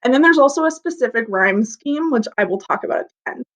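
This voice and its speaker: A woman's voice: sits high, lively intonation, quick pace, fairly bright tone, muffled recording. A young woman teaching an English class online in a chatty, playful way, explaining things simply. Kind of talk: recorded online class lesson.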